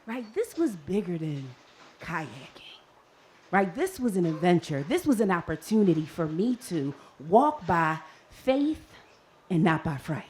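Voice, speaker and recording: Animated woman telling a comic story. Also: on the low side, unhurried, slight background noise. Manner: animated and comic, acts out her own panicked voice. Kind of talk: live storytelling performance. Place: stage before a live audience.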